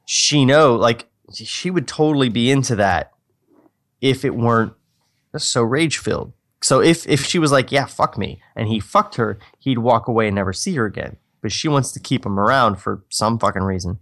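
Brief: man reading stage directions, mid pitch, wry, swears freely. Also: moderate pace, a bit bright. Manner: wry, profane, joking. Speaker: co-writer reading his screenplay. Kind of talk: script reading with comic commentary.

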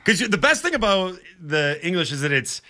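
A man's voice: sits high, very animated, moderate pace, sharp tone, no room sound, clean studio sound. A man co-hosting a sports radio show in casual talk, joking and laughing often.

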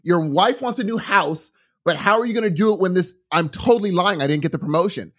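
Middle-aged guy rambling through a story on a podcast, kinda high voice, keeps restarting his sentences. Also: brisk, fairly bright tone. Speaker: podcast co-host. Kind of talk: casual chat.

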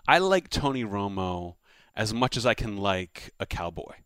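A man's voice: lowish voice, normal speed, smooth, dry recording. A man who is a comedian guest, telling a story in casual chat and acting out the quotes. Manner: animated anecdote teller, acts out quotes.

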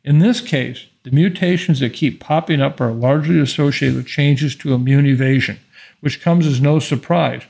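Gravelly man explaining science news. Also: mid-range voice, darkish tone. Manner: measured, emphatic, reads quoted passages aloud. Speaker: podcast host discussing infectious disease. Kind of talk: explanatory monologue, reading from an article.

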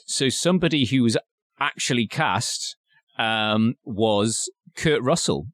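A man's voice: mid-range voice, lively intonation, slow, fairly bright tone. A man hosting a casual film podcast, rambling and joking, now and then slipping into silly put-on voices. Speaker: podcast host.

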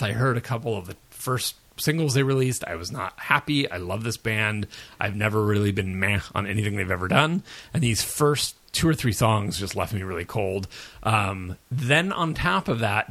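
Jet-lagged male podcast co-host, low-pitched, rambling and self-mocking. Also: fairly bright tone. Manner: rambling, self-deprecating, many fillers. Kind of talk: casual pop culture chat.

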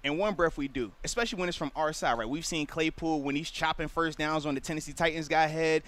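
A man's voice: fairly high pitch, quick pace, fairly bright tone. A man, a former pro football player, explaining his view in casual sports radio talk, earnest and explanatory.

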